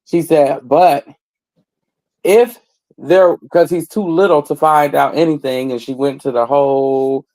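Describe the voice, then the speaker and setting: Guy chatting casually, kinda higher voice, keeps stammering and restarting. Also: steady tone, measured pace, dark tone, rough recording. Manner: stammering restarts, laughs along. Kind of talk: casual chat about online drama.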